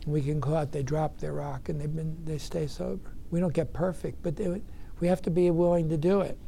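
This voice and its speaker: A man's voice: on the high side, steady tone, brisk, gravelly, mellow, a little hiss or hum. A man giving an earnest recovery meeting talk, telling his story with emphatic bursts. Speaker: speaker sharing recovery experience.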